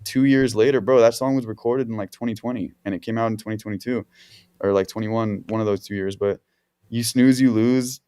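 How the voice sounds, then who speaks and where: A man's voice: lowish voice, steady tone, fairly quick, dark tone, smooth. A man, a music producer on a podcast, telling stories in a laid-back, rambling way full of slang and fillers. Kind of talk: casual podcast storytelling.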